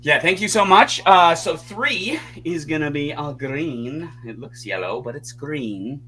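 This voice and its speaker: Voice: medium pitch, animated, unhurried, pushed and bright. A livestream host and artist chatting casually to viewers while coloring, rambling with fillers.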